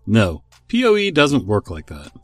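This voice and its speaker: An expressive man reads stories on his podcast in an amused tone. His pitch is lively and varied. The recording is dry and close, with faint music underneath. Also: unhurried, no room sound. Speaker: podcast host and story reader. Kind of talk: story narration.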